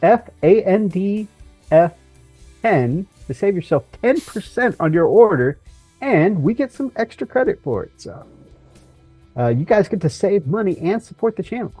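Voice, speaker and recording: A woman's voice: mid-range voice, very animated, moderate pace, warm tone, husky, dry recording, faint music behind. A woman co-hosting a casual live chat, scattered and correcting herself as she plugs a discount code. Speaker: co-host.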